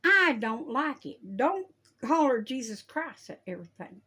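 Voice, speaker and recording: A woman delivers a homespun warning in a religious video. Her voice sits a little high, and she scolds in a folksy way, breaking into laughter often. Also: big pitch swings, measured pace, pushed and bright, breathy edge. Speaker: online preacher. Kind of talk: casual religious video talk.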